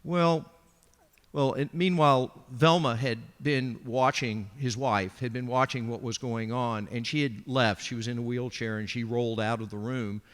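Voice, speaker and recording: A man on a panel who tells an anecdote in an animated way and acts out the quotes. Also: mid-range voice, moderate pace, hardly any pauses. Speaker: panelist, art dealer. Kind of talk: storytelling anecdote. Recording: long hall reverb.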